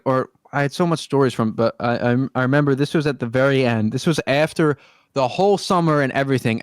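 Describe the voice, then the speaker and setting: A man's voice: medium pitch, dry recording. Young man ranting casually, dry sound. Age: young adult. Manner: swears often, rambling with many fillers. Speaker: podcast host. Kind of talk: casual chat.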